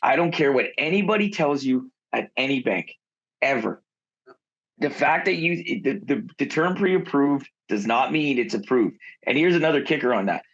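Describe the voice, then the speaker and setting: A man's voice: mid-range voice, expressive, moderate pace, fairly bright tone, slightly rough, muffled recording. A man co-hosting a podcast, giving blunt, outspoken advice and swearing casually. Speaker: podcast co-host, realtor.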